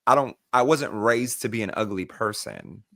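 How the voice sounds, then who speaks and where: A man co-hosting a casual podcast, telling stories with lively quoted voices. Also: lowish voice, normal speed, vocal fry, dry recording. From Mexican-American. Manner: animated storyteller, acts out quoted voices. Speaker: podcast co-host. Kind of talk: casual chat.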